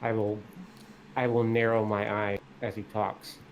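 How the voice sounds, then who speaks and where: Hesitant male player, low voice, very slow delivery. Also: level tone, slight background noise, poor audio. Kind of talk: tabletop role-play.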